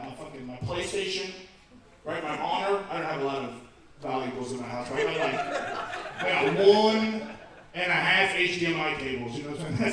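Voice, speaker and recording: A man doing a profane, animated stand-up set in a comedy club, incredulous and ranting. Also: sits high. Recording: echoey club from far off, crowd.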